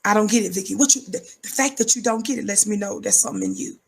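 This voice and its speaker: Husky fiery woman commentator. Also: rapid-fire. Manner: emphatic, rhythmic, repeats words for effect; calls herself high-energy. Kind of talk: fiery preaching-style commentary.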